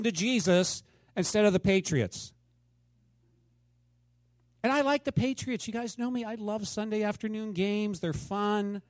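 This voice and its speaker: A man in his fifties preaching a sermon, telling stories dramatically and swinging between loud exclamations and hushed asides. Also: high-pitched, a little slow, pauses often, no room sound. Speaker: pastor.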